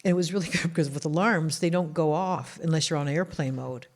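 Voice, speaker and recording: A Canadian woman, appearing as an author and guest in a casual interview, tells animated stories and acts out the voices of the people in them. Her voice is low and she talks fast.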